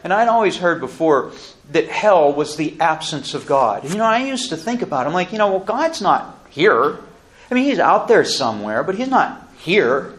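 A man giving an earnest, solemn spoken testimony, speaking deliberately with pauses and restarts. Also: fairly high pitch, very animated, a bit bright.

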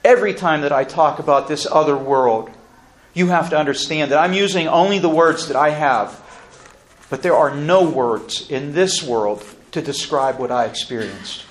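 A man giving an earnest, solemn spoken testimony, speaking deliberately with pauses and restarts. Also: a little high.

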